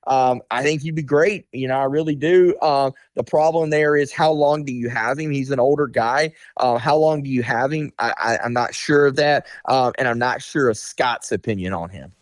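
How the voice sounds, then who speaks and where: A man speaking as a guest insider on a radio sports talk interview, candid and blunt, often filling pauses with "you know" and "um". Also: mid-range voice, no echo.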